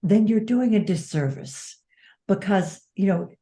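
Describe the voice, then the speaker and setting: A woman's voice: mid-range voice, measured pace, warm tone. A woman who is an author and dementia advocate, speaking as an interview guest in an earnest, reflective way, stressing key words. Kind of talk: conversational interview.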